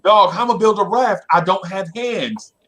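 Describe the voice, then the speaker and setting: A man's voice: sits high, moderate pace, background noise, pitched above the performer's own voice, lightly acted. A man voicing a slangy, pleading snake. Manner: slangy and drawling. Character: streetwise male snake, pleading and sly.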